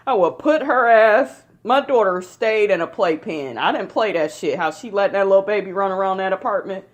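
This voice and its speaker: A woman's voice: mid-range voice, lively intonation, normal speed. A woman in the middle of her range rambles through a reality show recap in a chatty, conversational way. She is blunt and outspoken and swears freely. She talks straight to the viewers as if they were friends. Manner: chatty, addresses viewers directly. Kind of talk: casual recap commentary.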